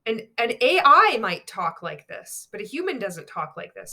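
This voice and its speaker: A woman's voice: fairly high pitch, very animated, normal speed, hardly any pauses, pushed and bright. A woman, a former network marketer, speaking candidly in a monologue vlog, blunt and sweary, mockingly reading out training material.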